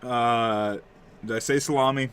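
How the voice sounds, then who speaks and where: A man's voice: medium pitch, lively intonation, moderate pace, fairly bright tone. A man giving casual, joking live commentary on a card game match, sometimes talking with his mouth full. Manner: laid-back, joking, talks while eating. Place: game store.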